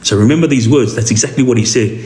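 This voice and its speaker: A man's voice: mid-range voice, fast talker. Australian man telling a street story, roomy. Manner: animated, checks in with "yeah?". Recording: roomy echo.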